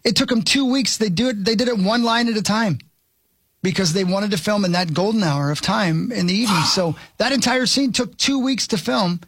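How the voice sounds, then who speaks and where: A man's voice: sits high, a little fast, a bit bright, husky, no room sound. A man co-hosting a radio show, retelling an interview with enthusiastic, rambling energy. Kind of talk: casual on-air banter.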